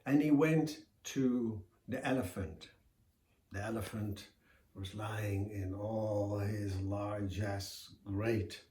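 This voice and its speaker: Slow, deliberate male storyteller. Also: lowish voice, mellow. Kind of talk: folk tale storytelling. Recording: echoey room.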